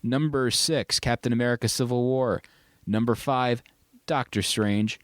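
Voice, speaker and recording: A man's voice: medium pitch, a little slow, no room sound, studio quality. A man hosting a casual podcast, reviewing a film with enthusiastic, rambling, joking talk. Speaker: podcast host. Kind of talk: casual movie review chat.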